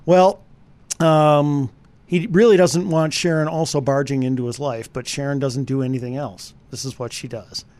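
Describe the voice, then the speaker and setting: A man giving a conversational radio movie review, animated and speaking straight to the listeners. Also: fairly high pitch, moderate pace.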